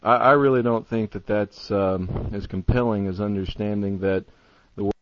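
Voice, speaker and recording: Low guy calling in, out of breath, casual, dull lo-fi line. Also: steady tone, moderate pace, slight background noise. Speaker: caller in a Bible study. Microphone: call or conference line.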